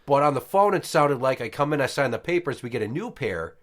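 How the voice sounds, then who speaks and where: A man's voice: medium pitch, a little fast. A man in his thirties, a podcast host, telling a story at home with lots of swearing and acted-out quotes. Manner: profane, animated, acts out quotes. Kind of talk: casual storytelling.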